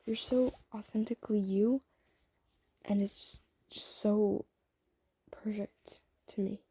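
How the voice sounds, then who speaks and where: A woman voicing a smitten, earnest teenage boy who speaks softly and haltingly with affection, in a spoken fan story. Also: mid-range voice, slight background noise.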